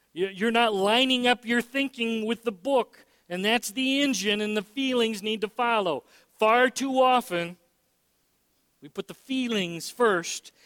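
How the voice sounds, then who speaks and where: A man's voice: sits high, a bit bright, clear, resonant tone, no room sound, big-room sound. A man preaching a sermon as pastor, emphatic, often repeating words and using fillers.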